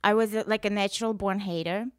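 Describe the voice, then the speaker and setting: Woman, brash and profane, animated storyteller, podcast guest, dry close mic. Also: mid-range voice, quick pace, clean tone, no echo. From Russia. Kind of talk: casual podcast interview.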